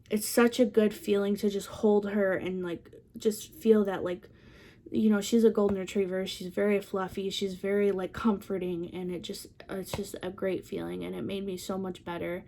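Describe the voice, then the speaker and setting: A young woman speaks to her channel in a soft, candid voice of middle pitch. She drifts through fillers and trailing pauses as she tells a personal story. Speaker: vlogger.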